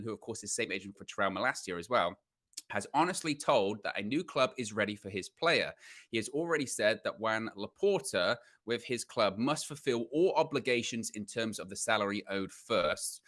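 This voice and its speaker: A man's voice: on the low side, normal speed. A man hosting a casual football podcast, reading out news and teasing his co-hosts. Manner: lively, joking. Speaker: podcast host.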